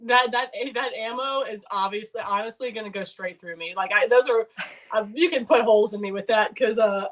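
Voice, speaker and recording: A woman's voice: fairly high pitch, a little fast. A woman co-hosting a sports betting show, chatting casually in a joking, rambling, self-deprecating way. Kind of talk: casual live sports chat.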